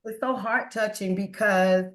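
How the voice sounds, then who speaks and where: A woman's voice: mid-range voice, steady tone, unhurried. Earnest woman guest in an echoey room. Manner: earnest, faith-filled, repeats words when moved. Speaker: podcast guest, entrepreneur. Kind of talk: emotional interview talk.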